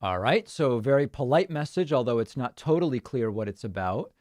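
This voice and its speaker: A man's voice: mid-range voice, animated, brisk, darkish tone, no echo, clean studio sound. A man hosting a live-stream show, chatting casually and reacting to listener voicemails and chat messages. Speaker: show host.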